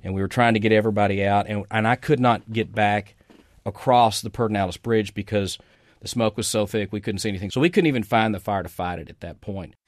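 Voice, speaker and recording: A man recounts the emergency in a matter-of-fact way. His voice sits a little low. The recording is close and dry. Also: fast talker, no room sound. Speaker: fire official. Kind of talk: recorded oral history interview.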